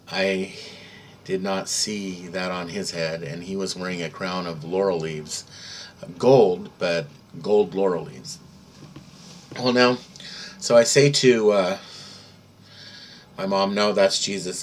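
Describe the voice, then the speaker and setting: A man with a lowish voice tells his story earnestly. He pauses often and fills gaps with hesitant sounds as he recounts what he saw. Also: fairly bright tone, slight background noise. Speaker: testimony speaker. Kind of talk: earnest first-person storytelling.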